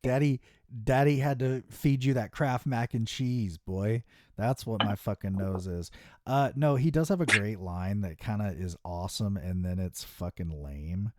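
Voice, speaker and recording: A man co-hosting a casual podcast chat, laid-back and profane, with quick reactions. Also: on the low side, no room sound. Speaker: podcast co-host.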